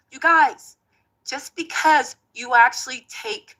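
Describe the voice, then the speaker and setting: A woman's voice: a little high, lively intonation, normal speed, a bit bright, slightly rough. A woman giving casual, emphatic commentary with a sarcastic edge.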